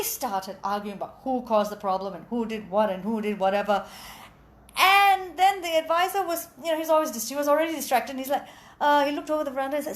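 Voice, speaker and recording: A woman telling a folk tale aloud in an animated, expressive way, adding sound effects. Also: high-pitched, fairly quick. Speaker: storyteller. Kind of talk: oral storytelling.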